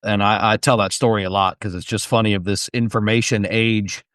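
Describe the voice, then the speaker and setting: A middle-aged man in casual podcast conversation, easygoing and quick to agree with the other speaker. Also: lowish voice, fairly even intonation, fairly bright tone, no echo, studio quality. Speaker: podcast co-host or guest. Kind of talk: casual chat.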